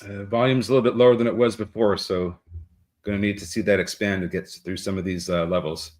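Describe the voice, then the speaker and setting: A man with a low voice talks through price levels on a live trading stream. He halts often and fills gaps with little filler sounds as he watches the charts. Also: steady tone, a little mellow. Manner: halting, many filler sounds. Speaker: co-host of live market show.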